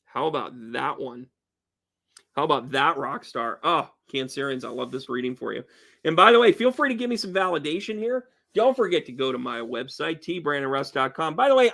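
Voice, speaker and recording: A man's voice: fairly high pitch, fairly bright tone. A man giving a casual tarot reading to his viewers, exuberant, joking and blunt, with casual swearing. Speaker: tarot reader.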